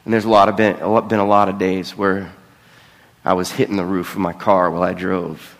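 A man's voice: low voice, flat delivery, a little fast. Middle-aged man preaching in a reverberant hall. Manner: earnest, with self-deprecating asides. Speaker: pastor. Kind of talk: conversational sermon. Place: church sanctuary. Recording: long reverb of a large hall.

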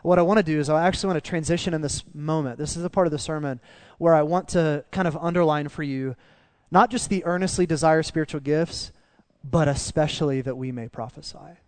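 A man preaching a sermon as pastor, animated and swinging down to quiet emphasis on key phrases. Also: fairly high pitch, fairly quick, no echo.

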